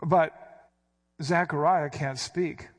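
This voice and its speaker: A man's voice: a little high, fairly even intonation, slow. A man preaching a sermon, walking through Bible verses and explaining the original Greek words with emphasis.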